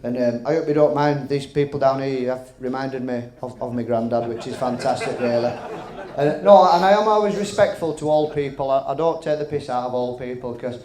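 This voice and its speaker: A man's voice: medium pitch, a little fast, darkish tone. A man doing after-dinner stand-up as MC, chatty and cheeky, with frequent "right?" asides and some swearing. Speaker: comedian and MC. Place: hotel function room at a dinner. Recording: echoey function room.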